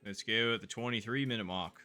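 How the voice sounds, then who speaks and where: A man's voice: lowish voice, fast, bright, forceful tone, soft background music. A man streaming live, chatting casually and rambling with fillers while he plays a game. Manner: rambling, chatty, with frequent fillers and self-asides.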